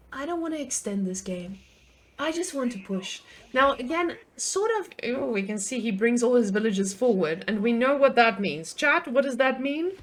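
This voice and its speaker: Young woman, game streamer. Excitable, foul-mouthed casual commentary with asides to chat. Voice sits fairly high. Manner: excitable, swearing, frequent laughter, chatty asides to chat.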